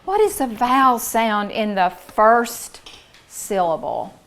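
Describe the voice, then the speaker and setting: Slow, encouraging woman teacher. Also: a little high, big pitch swings, a bit bright. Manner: slow, deliberate, encouraging, sounds words out. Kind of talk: classroom phonics lesson. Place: classroom.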